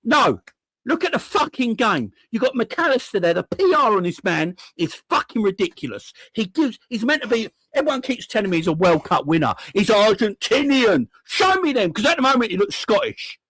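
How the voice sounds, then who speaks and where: Angry young fan host, high and very animated voice, sweary rant, dry close sound. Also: male voice, moderate pace, no echo. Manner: furious, sweary, repeats himself, asks rhetorical questions. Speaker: football fan channel host.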